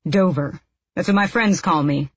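A woman reading an audiobook, voicing a cocky young male waiter in a low, smug tone. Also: moderate pace, husky, dry recording, highs cut off. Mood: casual. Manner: smug, dismissive.

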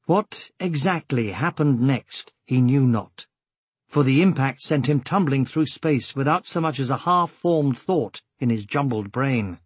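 A man reading a story aloud as narrator, in a slow, deliberate, dramatic manner. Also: mid-range voice, lively intonation, slightly rough, dry recording. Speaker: audiobook narrator. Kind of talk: scripted narration.

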